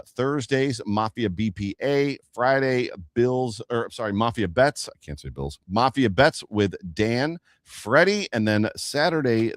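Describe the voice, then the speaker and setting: Brief: male sports podcast host, casual and lively, lower voice, close dry mic. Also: no echo.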